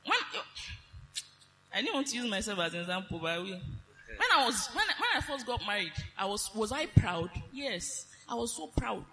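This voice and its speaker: High, bright-voiced woman preaching in a hall. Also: moderate pace. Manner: animated, laughing, sing-song emphasis. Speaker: preacher teaching on marriage. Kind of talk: sermon.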